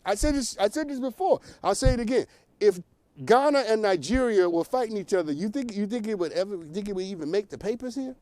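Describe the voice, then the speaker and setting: A male talk show host from New York, delivering opinionated commentary in a fairly high voice. He speaks straight to his audience and breaks into laughter at his own points. The studio sound is dry and close. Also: expressive, brisk, a little mellow, no echo.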